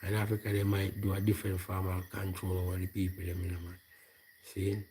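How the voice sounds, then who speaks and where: A man's voice: low voice, monotone, brisk, dark tone, a little hiss or hum. A Jamaican man talking to camera in a loose, rambling monologue full of patois fillers, outdoors at night. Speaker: vlogger.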